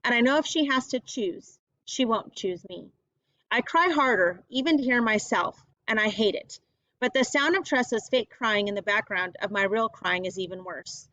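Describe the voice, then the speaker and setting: A woman narrates a first-person audiobook in a plain, earnest manner. Her voice sits a little high and sounds close and dry. The recording is somewhat dull and lo-fi. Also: moderate pace, a bit bright, no room sound.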